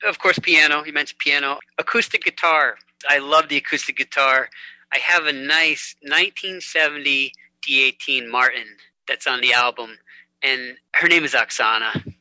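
A man's voice: medium pitch, fairly even intonation, normal speed, sharp tone, no echo, poor audio. A man who is a musician guest in an interview, chatting and telling stories, laughing easily and repeating words. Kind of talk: conversational interview.

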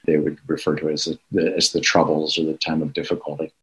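An older man, a guest and author, telling stories in an animated conversational way and acting out the people he quotes. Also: a bass voice, quick pace, poor audio. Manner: animated, acts out quoted voices. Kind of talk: conversational storytelling.

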